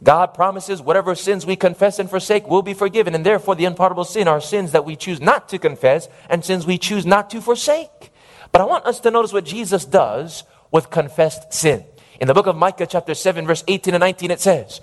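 High-voiced emphatic male preacher. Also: fairly quick. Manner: emphatic, calls for audience amens. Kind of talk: sermon.

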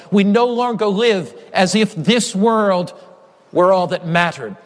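A man's voice: sits high, a bit bright. A man preaching a sermon in an earnest, emphatic way, building his points through repetition. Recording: long hall reverb.

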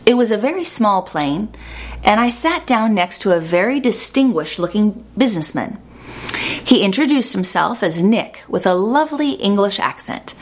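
Woman giving an earnest, measured sermon. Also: mid-range voice, expressive. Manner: earnest, measured preaching with slowed emphasis. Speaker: preacher.

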